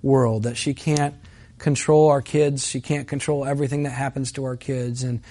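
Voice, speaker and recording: A man's voice: medium pitch, little pitch movement, normal speed, warm tone. A man preaching a sermon as pastor, telling a personal story in an earnest, conversational way that builds to emphatic peaks.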